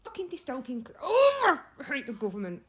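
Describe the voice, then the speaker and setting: Furious high-voiced woman swearing. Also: expressive, fairly quick, fairly bright tone. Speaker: small business owner. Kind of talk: angry social media rant.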